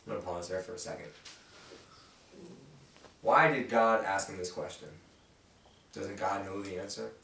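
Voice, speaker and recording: A man's voice: low-pitched, fairly even intonation, moderate pace, vocal fry, long pauses, fairly bright tone, a little hiss or hum. A man leading a casual Bible study. He talks loosely and conversationally, reads scripture aloud, then stops to ask the group questions. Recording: roomy and distant from the mic.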